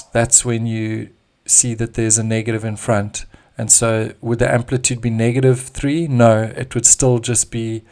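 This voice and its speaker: A man at an ordinary middle pitch teaching a maths lesson. He talks calmly and steadily, walking through his written notes one step at a time and slowing down to stress the key terms. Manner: calm step-by-step explaining, slows on key terms.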